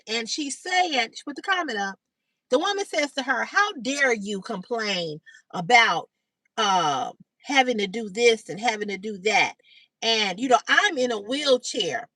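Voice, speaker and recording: A woman hosting a casual livestream, retelling a story in a chatty, animated way and greeting viewers by name. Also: fairly high pitch, no room sound. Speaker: livestream host. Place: outdoors in sunlight.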